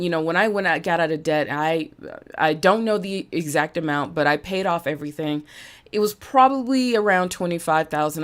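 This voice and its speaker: A woman hosting a live-streamed motivational talk, emphatic and repeating phrases for emphasis, with an occasional cough. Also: lowish voice. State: coughing now and then. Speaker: podcast host and business coach.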